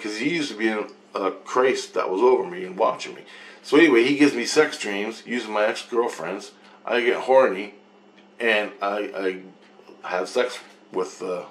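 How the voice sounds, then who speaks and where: A man telling a rambling personal account, swearing freely and repeating phrases over and over. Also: on the low side. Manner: repetitive, profane, loops back on phrases.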